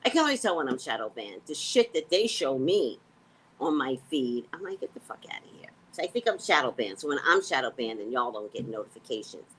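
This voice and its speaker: A woman hosting a casual livestream, talking to her viewers in a blunt, profane, animated way. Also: very deep voice, brisk, a little hiss or hum, low-quality recording. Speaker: psychic reader and livestream host.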